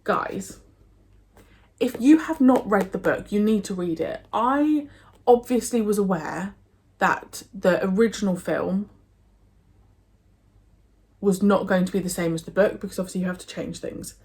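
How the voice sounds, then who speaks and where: A woman's voice: mid-range voice, measured pace, pauses often, darkish tone, slightly rough. A young woman from England chatting casually and enthusiastically about books she read, with many fillers and restarts. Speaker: book vlogger. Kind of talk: casual book review chat.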